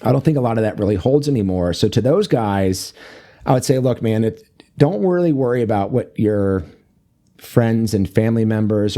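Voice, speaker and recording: A man with a somewhat low, warm and mellow voice talks casually as a podcast guest. He rambles through stories about fatherhood, full of fillers, restarts and loose asides. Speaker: fatherhood coach and author, guest. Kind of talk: casual interview conversation.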